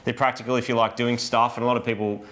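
An Australian man co-hosting a casual car show, easygoing and a bit deadpan. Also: mid-range voice, quick pace. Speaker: co-host. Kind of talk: casual banter.

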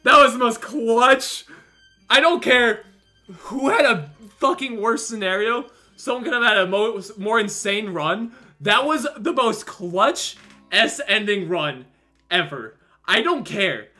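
A young man in his early twenties doing excited gaming stream commentary, shouting and swearing with his throat strained from screaming. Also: sits high, takes it slowly, faint music behind. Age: early 20s.

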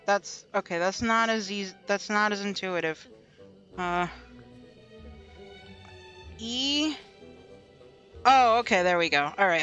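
A woman streaming a farming game, chatting to herself and her viewers in an unhurried way, with frequent laughs. Her voice is bright and clear, and soft music plays behind it. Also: medium pitch. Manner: chatty, laughs often, talks to herself and chat. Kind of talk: casual gameplay livestream chat.

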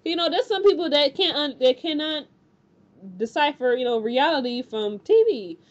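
Woman, higher voice, chatty TV recap host who acts out lines; slightly dull lo-fi sound. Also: moderate pace. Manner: animated, chatty, lots of fillers and acted-out quotes. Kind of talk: casual spoken recap.

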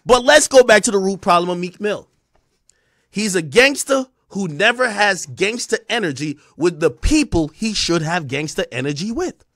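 A man giving a profane, mocking ranting commentary, animated throughout. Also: sits high, normal speed, dry recording, clean studio sound. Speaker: online commentator.

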